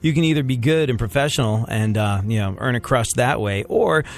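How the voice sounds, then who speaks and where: A man's voice: medium pitch, fairly quick. A man co-hosting a radio show, joking in casual banter with sarcastic asides and lots of fillers.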